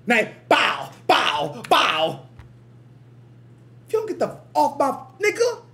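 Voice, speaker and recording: A man hosting a music reaction from his room at home, excitable and crude, breaking into loud bursts and laughter. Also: extremely high pitch, slow pace, pauses often. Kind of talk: animated reaction commentary.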